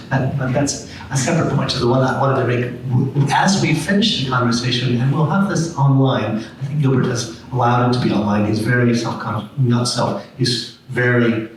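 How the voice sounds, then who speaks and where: A man hosting a panel discussion, rambling and restarting his sentences often. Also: mid-range voice. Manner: rambling, many restarts and fillers. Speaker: artistic director hosting a panel. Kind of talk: roundtable discussion. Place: large room at a public panel. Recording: echoey room, mic far off, faint noise.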